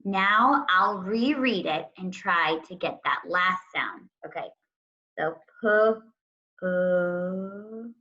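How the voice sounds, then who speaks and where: A woman teacher talks young children through a writing lesson at an unhurried pace. She speaks deliberately and draws out the sounds of words one at a time. The recording is dull and lo-fi. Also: lowish voice, animated, bright, forceful tone. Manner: slow, deliberate, stretching out word sounds.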